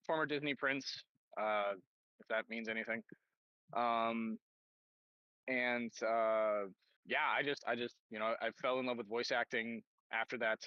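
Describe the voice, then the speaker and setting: Casting: friendly rambling man, bright tone, dry muffled recording. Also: mid-range voice, dry recording. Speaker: professional voice actor. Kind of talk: casual self-introduction. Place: outdoors on a street.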